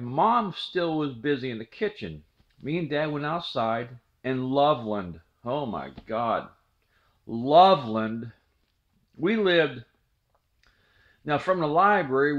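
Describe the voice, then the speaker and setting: A man's voice: mid-range voice, muffled recording. A middle-aged man, casually telling a memory, rambling and repeating words. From southwest Ohio. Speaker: channel host telling a memory. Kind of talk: casual storytelling.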